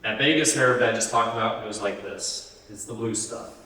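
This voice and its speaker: A man's voice: fairly low pitch, moderate pace, bright, forceful tone. A man giving a live health talk, speaking conversationally and often putting questions to the audience. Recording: roomy hall, distant mic.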